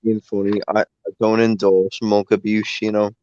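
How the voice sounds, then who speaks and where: A man's voice: on the low side, flat delivery, normal speed, darkish tone. A man chatting dryly on a call, stumbling over his words a bit. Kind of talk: casual chat on a call. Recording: lo-fi call audio.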